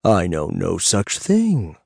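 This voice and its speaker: A man's voice: low voice, wildly swooping pitch, takes it slowly, gravelly, a little mellow, husky, no room sound, clean studio sound, full character voice. A man voicing a playful, smug male dragon seer in human form, teasing and sweetly mocking.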